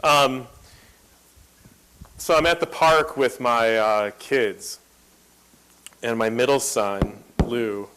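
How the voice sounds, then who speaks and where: A man's voice: medium pitch, slow, long pauses, background noise. A man in his thirties giving a talk on a lapel mic, telling a story and acting out the quotes. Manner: animated, acts out quotes. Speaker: guest speaker.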